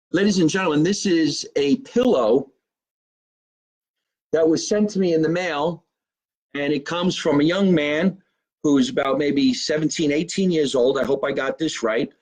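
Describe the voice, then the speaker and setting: A man's voice: on the high side, unhurried, pauses often, a little mellow, rough recording. A middle-aged man, a comedian hosting his own live show from a home basement, talking casually, swearing, and plugging his channels. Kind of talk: casual live-stream monologue.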